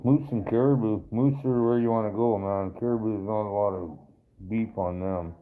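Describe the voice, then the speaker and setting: A man's voice: lowish voice, steady tone, moderate pace. A man hosting a live stream, chatting casually with viewers, rambling and swearing as he answers their comments. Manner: rambling, profane, talks straight to viewers. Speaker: livestream host reading viewer chat. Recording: tinny phone-like sound.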